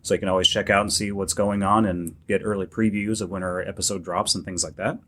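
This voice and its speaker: A man's voice: low-pitched, steady tone, fast talker, bright, forceful tone. A man co-hosting a podcast, chatting in an easygoing, agreeable way. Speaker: podcast co-host. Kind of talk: casual chat.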